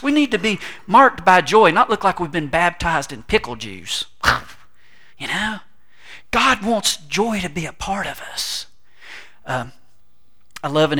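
A middle-aged man delivers a sermon in a bright, forceful voice that sits a little high for a man. He swings between big, emphatic declarations and soft, quiet asides, with humor and acted-out voices woven through. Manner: animated preaching with humor and asides. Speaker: pastor.

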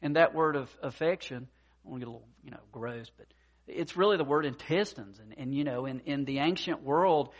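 A man preaching a sermon as pastor, folksy and expressive, with many fillers, swinging from soft to loud and acting out worried voices. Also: medium pitch, brisk, muffled recording. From mountain region.

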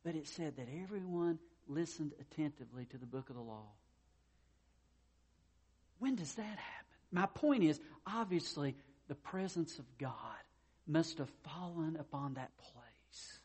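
A pastor delivering a sermon in a somewhat high male voice. He is folksy and conversational and leads into Scripture with a story. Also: expressive, unhurried, darkish tone, slightly rough. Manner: folksy, tells a joke before preaching.

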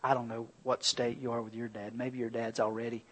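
A middle-aged man preaching a sermon and telling personal stories, swinging from loud, animated bursts to quiet, earnest passages. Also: medium pitch, brisk, slightly rough, low-quality recording. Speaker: pastor.

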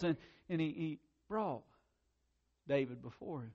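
Male pastor, slightly higher voice, animated sermon delivery, stammering repeats. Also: a little slow, lo-fi sound. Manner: animated, swings between loud emphasis and quiet asides; repeats words when excited.

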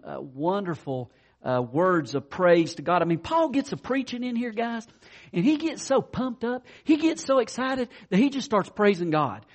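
A man preaching a sermon as a pastor, fervent and excitable, swinging between loud peaks and hushed lows, calling his listeners "guys" and "man".

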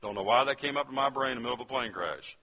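A man's voice: medium pitch, rapid-fire, sharp tone. A man from West Virginia telling a testimony as a sermon, speaking straight to his listeners as he tells his story. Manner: storytelling, addresses the audience directly.

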